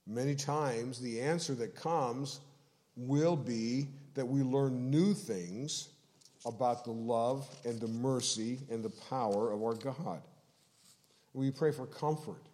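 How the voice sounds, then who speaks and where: A man preaching an expository sermon, explaining scripture in a measured way and slowing down to stress key phrases. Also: mid-range voice, dark tone. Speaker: pastor.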